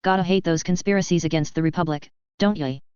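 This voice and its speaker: A woman voicing a sarcastic male admiral, low and smooth in a slightly dull recording. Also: fast talker, a little mellow, dry recording, lightly acted. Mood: snarky.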